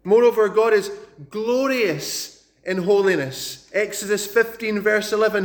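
A man with a notably high voice delivers a sermon. He speaks with emphatic conviction, repeats key words to drive them home, and slows deliberately when reading scripture aloud. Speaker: preacher.

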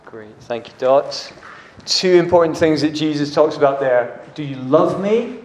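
A man's voice: fairly high pitch, lively intonation, a little slow. A man preaching a casual, chatty sermon, often acting out the dialogue. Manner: conversational, uses "like" and acts out dialogue. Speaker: pastor. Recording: echoey room.

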